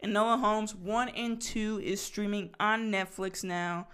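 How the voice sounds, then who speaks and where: A young woman co-hosting a casual podcast, chatty, full of fillers and quick laughs. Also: mid-range voice, flat delivery, fairly bright tone, clean tone. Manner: chatty, laughs often, many fillers and restarts. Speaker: podcast co-host. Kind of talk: casual chat.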